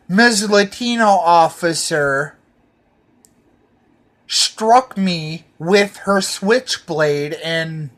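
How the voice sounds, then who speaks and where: A man's voice: sits high, fairly bright tone. A man telling a rambling personal story, profane and meandering, full of fillers and restarts.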